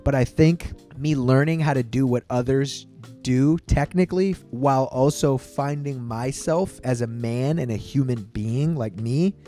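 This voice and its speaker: A man's voice: mid-range voice, measured pace, mellow, soft background music. A man reacting to a review of his own album in casual chat, laughing often and mocking himself with loose slang.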